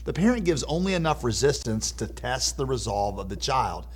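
A man's voice: medium pitch, sing-song, normal speed, slight background noise. A man preaching a sermon, earnest and slightly hesitant, repeating words as he searches for phrasing.

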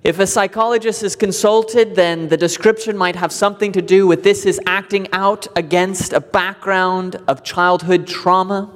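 A man preaching a sermon to his church, emphatic and deliberate, repeating key words for weight. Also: sits high, fairly even intonation, in a large hall. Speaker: pastor. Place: church sanctuary.

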